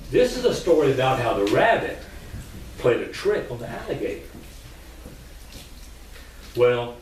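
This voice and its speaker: Guy telling an old folk tale to a crowd, chatty, lots of asides, sounds far off in a super echoey hall. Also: medium pitch. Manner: chatty, animated, asides to the audience. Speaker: storyteller. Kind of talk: live folk storytelling to an audience. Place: meeting hall. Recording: echoey room from far off, faint noise.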